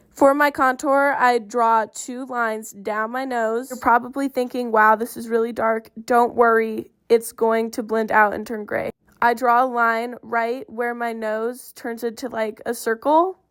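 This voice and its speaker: A woman's voice: fairly high pitch, smooth, no room sound, studio quality. Chatty Southern Californian young woman. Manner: chatty, filler-heavy with "like". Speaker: makeup vlogger. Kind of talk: casual makeup tutorial voiceover.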